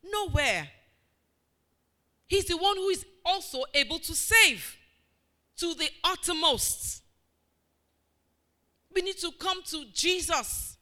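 A woman's voice: very high-pitched, animated, a little slow, bright, forceful tone. A woman preaching a sermon, emphatic and repetitive, asking the congregation questions and answering them. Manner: emphatic, repeating phrases with call-and-response.

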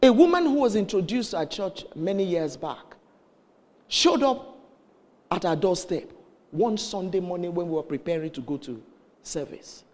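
A man preaches a sermon, his voice pitched high and swinging widely as he tells the story. He acts out the people in the story as he goes. Long reverb from the hall hangs behind him. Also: animated, moderate pace, a little mellow.

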